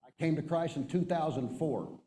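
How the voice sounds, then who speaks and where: A man's voice: a little high, normal speed, dark tone, long reverb tail, rough recording. A middle-aged man, a retired Marine colonel, giving an emphatic storytelling talk from a stage to a men's group. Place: stage before an audience.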